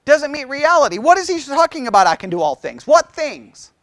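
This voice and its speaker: A middle-aged man leading a Bible study, chatty and animated, often asking the group questions. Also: very high voice, brisk, dry recording.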